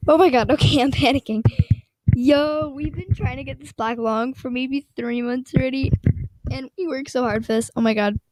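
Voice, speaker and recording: A woman commenting casually on her gameplay at home at night, excitable and rambling, breaking into gasps and shrieks, into a microphone on a stand. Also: sits high, normal speed, no echo. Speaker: gaming vlogger.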